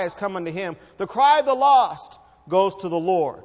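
A man with a high-pitched voice preaches an evening church sermon, pressing hard on his points before dropping into a hushed, quiet delivery. His voice rings out with a long reverb from the church hall around him. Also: lively intonation, normal speed, few pauses. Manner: fervent, swings between loud exhortation and hushed quiet.

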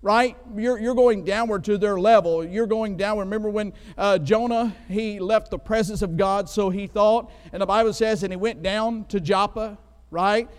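A man's voice: sits high, moderate pace, clear, resonant tone. A man preaching a sermon in a conversational way, often checking in with "right?" as he explains scripture. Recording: long reverb of a large hall.

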